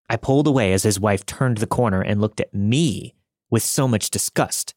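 A man with a low voice narrates true creepy encounters in a steady, measured way. The sound is dry and close, with no room around it. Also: no echo. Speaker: podcast narrator reading listener stories. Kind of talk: scripted narration.

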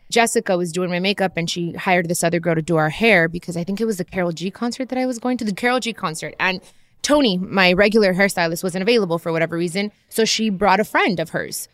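A woman's voice: lowish voice, dry recording. Candid woman podcaster, dry close sound. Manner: candid, talks straight to listeners; acts out quoted people in her stories. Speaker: podcast host. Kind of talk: casual personal storytelling.

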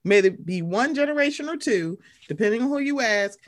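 Animated woman co-hosting a chat. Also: on the high side, a little fast. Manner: animated, mimics other people's voices in quotes. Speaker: podcast co-host. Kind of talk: casual chat about reality TV.

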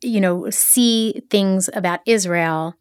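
A middle-aged woman from the Philadelphia area, a podcast guest, chatting casually and telling stories with quick asides. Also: mid-range voice, clean tone, dry recording, studio quality. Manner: animated storyteller, quick asides. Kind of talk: casual interview chat.

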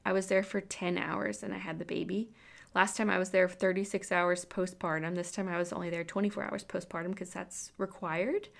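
A woman in her thirties telling the story of giving birth in a casual, chatty way, full of "like" and "um". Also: mid-range voice. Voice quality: creaky fry, filler-heavy with "like" and "um". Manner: animated retelling, acting out quoted lines.

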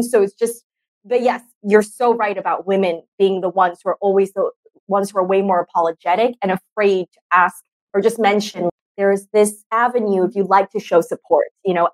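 A woman hosting a podcast, talking earnestly and reflectively in casual conversation. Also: medium pitch. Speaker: podcast host. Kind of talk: casual chat.

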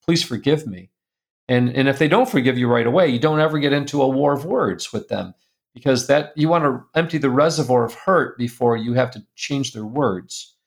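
Gravelly man telling an earnest story. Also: medium pitch, brisk. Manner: earnest, confessional, drops quiet and soft in painful moments. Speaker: guest speaker. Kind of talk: personal storytelling in a conversation.

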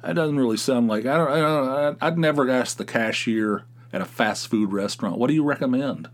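A middle-aged man hosting a casual podcast, ranting in an animated way with his voice jumping up when he gets worked up. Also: mid-range voice, normal speed. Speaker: podcast host. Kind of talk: casual solo podcast monologue, responding to callers.

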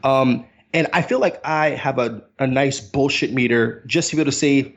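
A man in his thirties in an animated, casual movie review chat, sometimes mimicking voices. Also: mid-range voice, moderate pace, hardly any pauses, lo-fi sound. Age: 30s.

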